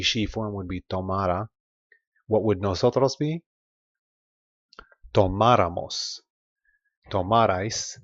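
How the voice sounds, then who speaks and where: A man's voice: lowish voice, no room sound, muffled recording. A man teaching a recorded grammar lesson, patiently modeling words for listeners to repeat. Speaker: Spanish teacher.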